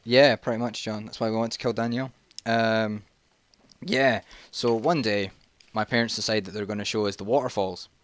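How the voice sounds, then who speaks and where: A man's voice: fairly low pitch, steady tone, normal speed. A man, telling a jokey, rambling story in a casual vlog while playing a video game and getting sidetracked. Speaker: vlogger.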